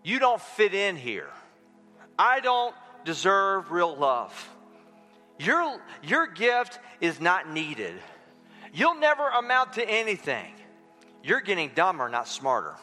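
A pastor with a high, bright voice leads a congregation in a sermon, repeating lines for them to echo back before moving into prayer. His delivery is emphatic and insistent. The sound carries the long reverb of a church sanctuary, with faint music underneath. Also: huge pitch swings, slow. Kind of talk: sermon with call and response, then prayer.

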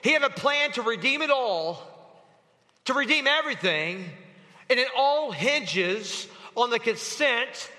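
A man with a high, bright voice preaches to his church and keeps urging the congregation to read along. His words ring out with a long hall reverb behind them. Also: lively intonation, measured pace. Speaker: pastor. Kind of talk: sermon. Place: church sanctuary.

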